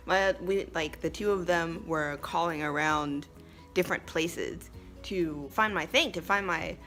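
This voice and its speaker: A young woman from the United States tells a story to her vlog audience in a chatty, emphatic way, laughing often. Her voice sits low for a woman. Soft music plays faintly underneath. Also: slow, long pauses. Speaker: vlogger and English teacher abroad.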